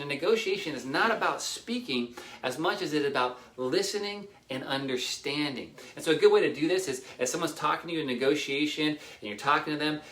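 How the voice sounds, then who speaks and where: A man giving casual real estate negotiation tips, energetic, repeating himself and acting out little dialogues. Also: mid-range voice, reverberant. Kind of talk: casual talk to camera.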